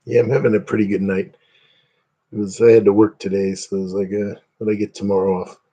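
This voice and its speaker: A man chats casually with his livestream viewers, wandering from topic to topic. His voice sits on the low side with a soft, mellow tone. He jokes easily and often at his own expense. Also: little pitch movement, fast talker, highs cut off. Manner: rambling, self-deprecating joking. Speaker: livestream host. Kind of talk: casual chat with live viewers.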